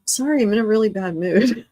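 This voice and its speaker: A woman's voice: mid-range voice, a little fast, warm tone. A tired woman hosting a livestream, chatting with viewers in a rambling way, swearing and laughing often. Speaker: livestream host. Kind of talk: casual livestream chat with viewers.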